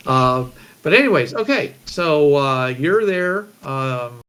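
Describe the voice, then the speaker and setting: A man's voice: a little high, big pitch swings, slow pace, a bit bright, smooth. A man running a tabletop game as game master, rambling with many fillers and restarts.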